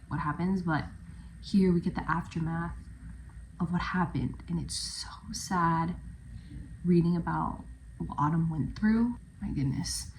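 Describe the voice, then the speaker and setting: A woman's voice: low-pitched, a little mellow, a little hiss or hum, poor audio. A young woman chatting casually in a home book vlog, gushing about books and dropping to a near-whisper at sad parts. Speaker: book vlogger. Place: at home, bedroom.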